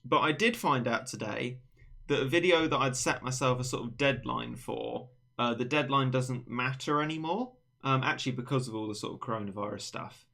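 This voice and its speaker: A man's voice: medium pitch, fairly quick, vocal fry, sharp tone. A young man hosting a casual livestream chat, rambling and teasing his friend in a playful way. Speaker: livestream host.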